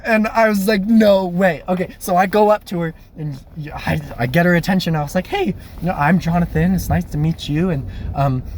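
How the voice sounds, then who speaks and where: A young man casually telling a personal story, animated and laughing, acting out the voices of people he quotes. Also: high voice, normal speed, hardly any pauses, a little hiss or hum. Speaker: storyteller vlogger.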